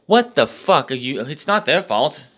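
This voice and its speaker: A man's voice: fairly high pitch, very animated, a little slow, fairly bright tone. A man reviewing a wrestling show in a casual, profane recap, getting exasperated and mockingly acting out what people said. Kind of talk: casual recap with ranting commentary.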